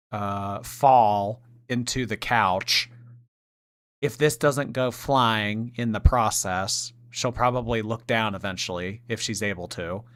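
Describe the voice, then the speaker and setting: Sarcastic woman streamer, mocking commentary. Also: a bass voice. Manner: sarcastic, mocking, reads chat messages aloud. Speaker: streamer reacting to videos. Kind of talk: casual commentary with chat.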